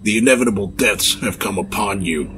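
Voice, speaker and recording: A hateful, despairing prisoner, voiced by a man speaks in a booming, rasping bass that sits very low. He talks slowly and with menace, as if from behind steel. A music bed plays underneath. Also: fairly bright tone, lightly acted. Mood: menacing. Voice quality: deep booming raspy voice. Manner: slow, menacing, full of despair. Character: deep-voiced imprisoned male killer, hateful.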